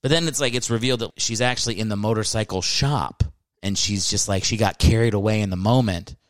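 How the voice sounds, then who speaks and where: A man's voice: on the low side, a little fast, no room sound. Ranting man with a dry close sound. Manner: rambling, ranting, jumps into mock outrage. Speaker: podcast host. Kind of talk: comedic podcast monologue.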